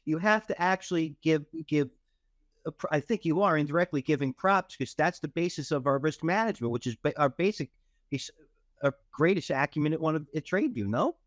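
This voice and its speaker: A man in an interview who talks haltingly, searching for words and restarting. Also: on the high side, no echo, clean studio sound. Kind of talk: interview talk.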